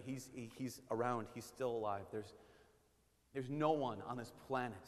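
A man preaching as a priest, in an animated, joking way that slips into impressions. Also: mid-range voice. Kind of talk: sermon. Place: church. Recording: long church reverb.

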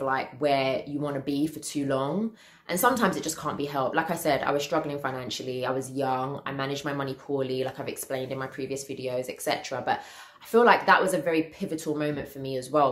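Low-voiced British woman telling a story. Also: reverberant. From United Kingdom. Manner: animated, acts out quotes, laughs often. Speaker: vlogger. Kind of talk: casual storytelling.

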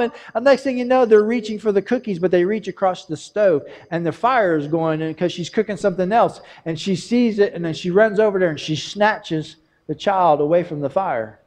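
Earnest high-voiced male pastor. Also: moderate pace, long reverb tail. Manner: earnest, confessional, rambling with many restarts. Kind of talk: sermon.

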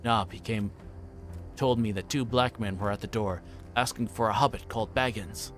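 Brief: man playing a fussy, stammering middle-aged innkeeper for a storybook reading, lowish voice. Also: normal speed, fairly bright tone, faint music behind, lightly acted. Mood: grumbling. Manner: flustered, stammering.

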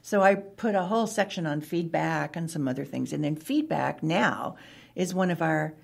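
Husky-voiced woman telling animated stories. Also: deep voice, normal speed. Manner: animated, acts out quoted dialogue. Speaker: author and guest. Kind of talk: conversational interview storytelling.

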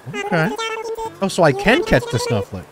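Young male let's-player, excitable and profane, slightly high voice, game music under him. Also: moderate pace. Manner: excitable, swears, thinks aloud. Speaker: gaming channel host. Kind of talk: let's play commentary.

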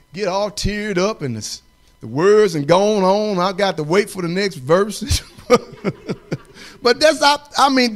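A man's voice: high voice, gravelly. A man preaching a fervent, folksy sermon in a church, chuckling and breaking into song.

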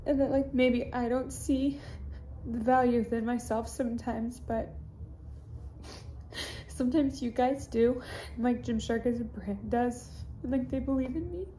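A woman's voice: fairly high pitch, fairly even intonation, measured pace, dark tone, a little hiss or hum. Teary young woman on a phone mic. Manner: gushing, heavy use of "like". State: teary, crying voice. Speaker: fitness influencer. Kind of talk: casual vlog confession.

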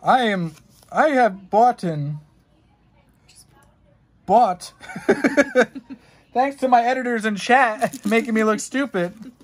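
A man's voice: very high voice, slow, long pauses. Jokey young man rambling through an unboxing. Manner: rambling, jokey and profane, talking to chat. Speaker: streamer unboxing trading cards. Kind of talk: casual unboxing commentary.

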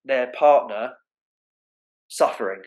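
A man's voice: medium pitch, slow, darkish tone, rough recording. A man, an osteopath and naturopath speaking earnestly and emphatically as an interview guest. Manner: earnest, emphatic, explains with acted-out examples. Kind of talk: interview conversation.

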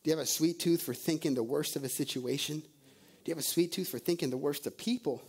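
A man's voice: fairly high pitch, fast talker, darkish tone, husky. A male pastor preaching a sermon, firing off rhetorical questions and calling out to the congregation. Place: church service.

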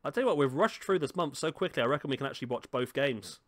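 A man's voice: mid-range voice, animated, fast. Chatty man doing game commentary. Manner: chatty, self-mocking, talks to the players on screen. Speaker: gaming YouTuber. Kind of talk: casual gameplay commentary. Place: home room.

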